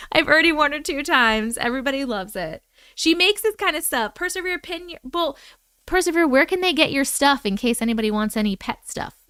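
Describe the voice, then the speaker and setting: High-voiced woman hosting a casual livestream. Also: lively intonation, fairly quick, a bit bright, dry recording, clean studio sound. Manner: greets viewers one by one by name. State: low energy. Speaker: livestream host. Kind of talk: casual livestream chat with viewers. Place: home, at her computer.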